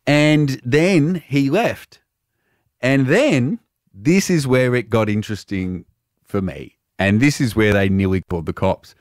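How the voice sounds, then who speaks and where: A man's voice: mid-range voice, measured pace, no echo, studio quality. A man hosting a radio show, telling a story and acting out the other people's voices. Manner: animated, acts out voices in anecdote. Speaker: radio host.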